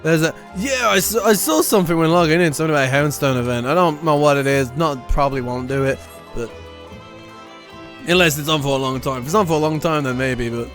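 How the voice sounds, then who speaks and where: A man's voice: a little high, quick pace, a bit bright, soft background music. A man streaming a video game, chatting casually with loose, profane asides, laughing and muttering as he reads the game's lines aloud.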